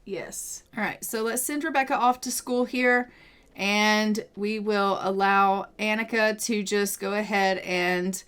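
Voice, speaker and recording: A young woman casually narrating a life-sim game, chatty and gushing, thinking out loud as she plays. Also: medium pitch, fairly even intonation, slow, clear, resonant tone. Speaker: gaming video creator. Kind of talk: casual let's-play commentary.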